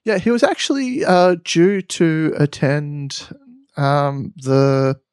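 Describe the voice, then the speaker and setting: A man's voice: a little high, slow pace, a little mellow, clear, resonant tone, no room sound, clean studio sound. A man voicing a male distillery worker who chats about his missing husband. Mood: confiding.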